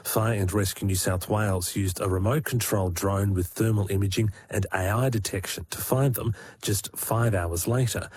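Deep husky male news reporter. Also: a little mellow.

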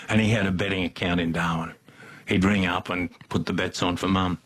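A man's voice: deep voice, fairly even intonation, brisk, a bit bright. An older man with an Australian accent, telling a rambling family story in a folksy, chuckling way. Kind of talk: storytelling in conversation.

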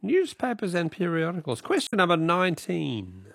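An Australian man hosting a radio quiz, briskly reading out questions and counting off the ones left. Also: high voice, huge pitch swings, gravelly, fairly bright tone, no room sound, clean studio sound. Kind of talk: radio quiz and caller chat.

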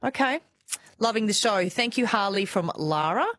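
A woman's voice: mid-range voice, animated, moderate pace, fairly bright tone, no echo, studio quality. An Australian woman, middle-aged, hosting an afternoon radio show in a bubbly, enthusiastic, chatty way. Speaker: radio host. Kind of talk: lively radio presenting.

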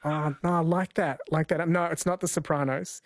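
A man's voice: on the high side, steady tone, moderate pace, no room sound, studio quality. A man from New Zealand hosting a live radio talkback show, chatting with callers and reading out listener texts. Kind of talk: casual live radio chat. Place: radio studio.

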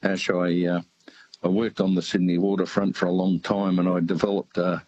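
A man's voice: deep voice, flat delivery, normal speed, darkish tone, dry recording. Older male caller on a dull phone line. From New Zealand. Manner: hesitant, many fillers and restarts, chatty storyteller. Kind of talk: casual radio call-in chat.

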